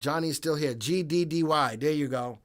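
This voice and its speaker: A man hosting a casual live stream about the stock market, thinking aloud and answering viewers by name, getting loud and excited when he reacts to the chat. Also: on the high side, moderate pace.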